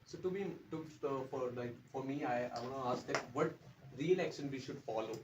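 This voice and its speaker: Man, student, quick, hesitant questions, echoey classroom, far off, clear background noise. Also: medium pitch.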